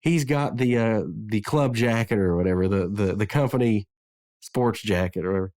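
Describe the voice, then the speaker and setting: A man's voice: fairly low pitch, moderate pace, a little mellow, dry recording, clean studio sound, lightly acted. A man voicing a smug male tobacco company president who warns his men, in a raised, cocky voice as he retells a cartoon scene. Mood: warning.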